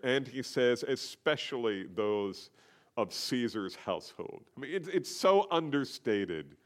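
A middle-aged man preaching a sermon as a pastor, explaining a letter verse by verse, rising for emphasis and dropping quiet. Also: on the low side. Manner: expository preaching, rises in emphasis then drops quiet.

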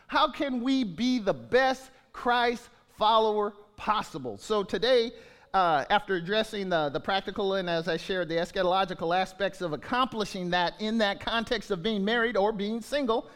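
A man's voice: high voice, a bit bright. A man in his sixties, a pastor, preaching a conversational sermon full of restarts and repeated words. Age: 60s.

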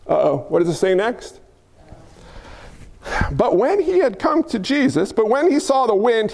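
A man preaching a sermon in a church, talking in a conversational way with rhetorical questions and jokes for the congregation. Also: very high voice. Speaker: pastor. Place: church sanctuary. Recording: hall reverb.

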